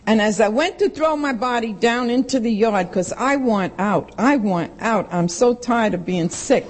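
A woman's voice: a little high, normal speed, low-quality recording. A woman giving a blunt, emphatic personal testimony to a recovery meeting and repeating lines for stress.

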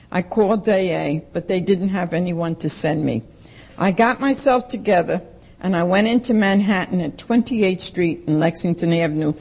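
A woman's voice: lowish voice, darkish tone, husky. A woman, giving a blunt, plain-spoken personal testimony at a recovery meeting and acting out the voices of the people in her story. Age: 60s.

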